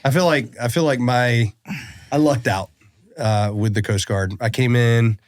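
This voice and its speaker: A man, a Coast Guard veteran hosting the interview, talking casually in a halting, thoughtful way. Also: medium pitch, steady tone, dry recording, clean studio sound.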